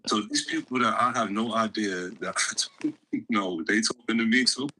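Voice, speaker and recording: A man from banters as a guest on a live stream, blunt and full of swearing. His voice is low, husky and forceful. His pitch swings widely as he teases the host. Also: normal speed, rough recording. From Jersey City. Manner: blunt, profane, teasing. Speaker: guest on a livestream. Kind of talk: casual banter.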